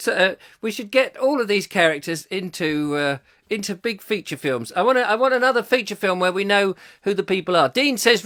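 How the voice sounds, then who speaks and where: A man's voice: high-pitched, bright, forceful tone. A middle-aged man hosting a comic live chat show, rambling and joking while reading viewer comments. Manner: rambling, chatty, jokey, often laughing. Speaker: host.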